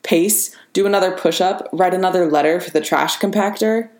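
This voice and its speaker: A weary male soldier hero in an audiobook, quiet and wry, as a woman reader puts him on. The voice sits very low and sounds like it was taken in a roomy, echoing space. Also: moderate pace, lightly acted. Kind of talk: audiobook character reading. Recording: roomy reverberant room.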